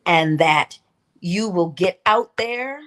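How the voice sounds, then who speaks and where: A woman hosting an inspirational morning livestream, talking in an animated, emphatic way and laughing often. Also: on the low side, slow pace. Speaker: host.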